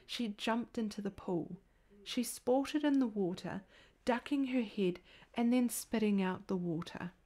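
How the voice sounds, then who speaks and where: A woman reading an old folk tale aloud as a bedtime story, soft and unhurried, lifting her voice lightly for the characters' lines. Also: mid-range voice.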